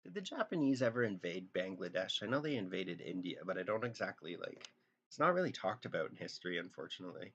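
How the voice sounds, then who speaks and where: A man's voice: low-pitched, very animated, quick pace, fairly bright tone, husky, lo-fi sound. A young man chatting casually on a live drawing stream, rambling and joking, trailing off into half-remembered song lines.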